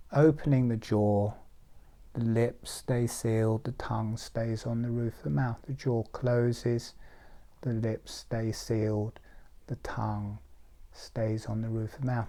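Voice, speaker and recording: Slow, mellow male breathing guide. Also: medium pitch. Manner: slow, soothing step-by-step instructions. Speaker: breathing instructor. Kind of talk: guided relaxation exercise.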